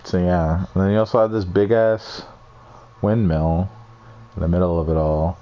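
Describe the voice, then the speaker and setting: A man's voice: low voice, steady tone, normal speed, lo-fi sound. A young man casually walking through his game builds, rambling, swearing freely and putting down his own work. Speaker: gamer showing off builds. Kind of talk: casual screen-recorded walkthrough.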